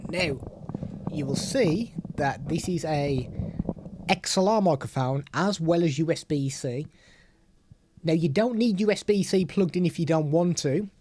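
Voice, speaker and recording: A man's voice: on the high side, warm tone, a little hiss or hum. Chatty man reviewing gear. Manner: chatty, hands-on explaining. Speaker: tech reviewer. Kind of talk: product demo vlog. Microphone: desktop USB/XLR microphone.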